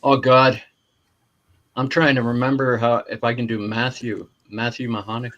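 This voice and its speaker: A man's voice: mid-range voice, flat delivery, moderate pace, a bit bright, dull audio, a little hiss or hum. A man chatting playfully and hesitantly on a live-stream hangout.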